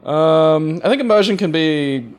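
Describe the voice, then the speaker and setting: A man's voice: a little high, lively intonation, unhurried, smooth. A man co-hosting a let's play, chatting in a hesitant, playful way. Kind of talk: casual gaming commentary chat.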